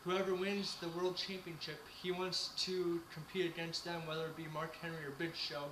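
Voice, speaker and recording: A man's voice: a little high, level tone, normal speed, a bit bright. A man co-hosting a casual wrestling chat, giving his picks hesitantly with many fillers. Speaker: co-host. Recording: echoey room with noise.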